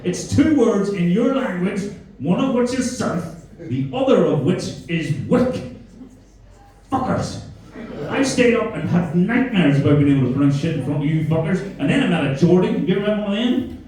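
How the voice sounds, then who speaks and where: Heard from afar in a very echoey room, a stand-up comic from Belfast, Northern Ireland, with a local accent, crudely mocks the live crowd at a comedy club. His voice is high-pitched, animated, mellow, and a little fast.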